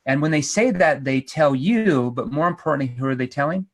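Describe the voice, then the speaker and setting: Male sales trainer, slightly high voice, punchy and emphatic, seminar style. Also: brisk. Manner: energetic, emphatic, acts out role-plays.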